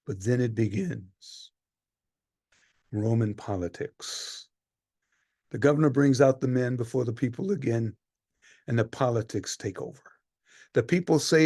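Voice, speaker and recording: Brief: man playing a weary Roman centurion, husky gravelly voice, dramatic monologue, hushed to loud. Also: mid-range voice, measured pace, long pauses, no room sound, clean studio sound. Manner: storytelling, swings from hushed to loud. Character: weary Roman centurion telling his story. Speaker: actor in a one-man play.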